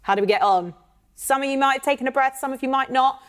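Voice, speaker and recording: A woman's voice: high voice, fast. A woman, teaching an online singing workshop in an encouraging way and checking in often with "okay?". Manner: counts in and sings demo phrases.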